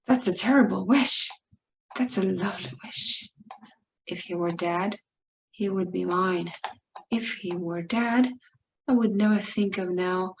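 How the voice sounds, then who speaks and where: A woman teacher giving an expressive, dramatic reading of a short story monologue, pleading and emotional, with small slips and restarts. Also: mid-range voice, a little hiss or hum, low-quality recording.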